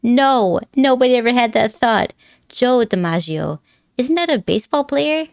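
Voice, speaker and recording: A woman's voice: a little high, lively intonation, moderate pace, creaky, no room sound, clean studio sound. A woman live streamer chatting casually with her viewers, rambling and giggly, laughing often and teasing her chat playfully.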